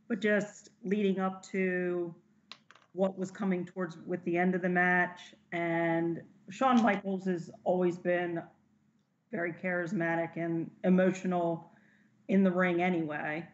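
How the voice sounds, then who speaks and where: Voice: medium pitch, little pitch movement, a little slow, lo-fi sound. A podcast co-host speaking hesitantly and reflectively in a casual chat.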